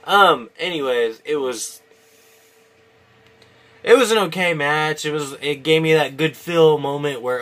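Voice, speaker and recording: A man's voice: fairly high pitch, a little slow, long pauses, fairly bright tone. A man giving a casual, opinionated video review, rambling with many restarts and fillers. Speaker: wrestling reviewer.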